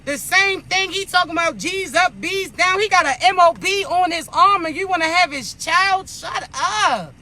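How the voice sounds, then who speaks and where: A man's voice: very high voice, moderate pace, hardly any pauses, bright, forceful tone. A man giving a casual spiritual pep talk in a blunt, profane, scolding manner. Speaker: spiritual content creator.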